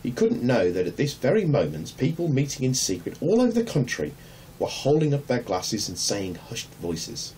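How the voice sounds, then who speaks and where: A man reading a children's novel aloud in a measured, gentle storytelling manner. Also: mid-range voice, wildly swooping pitch. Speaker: narrator. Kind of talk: audiobook reading. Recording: distant mic, faint hum.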